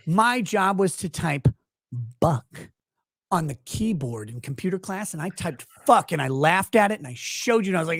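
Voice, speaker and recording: A man's voice: high-pitched, expressive, normal speed, dry recording, studio quality. A man in his forties from Houston, a podcast guest telling a rambling, profane story in casual chat. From Houston, Texas.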